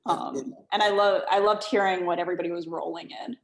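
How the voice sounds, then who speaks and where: A woman's voice: on the low side, steady tone, vocal fry, slight background noise. Gushing woman in a roomy space. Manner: gushing, halting with fillers. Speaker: tabletop game player. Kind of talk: casual post-game feedback.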